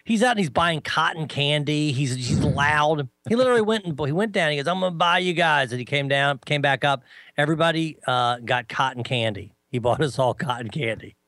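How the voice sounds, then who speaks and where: Animated man telling a story. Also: fairly quick, dry recording. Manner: animated storyteller, mimics others in a high voice. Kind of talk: casual chat.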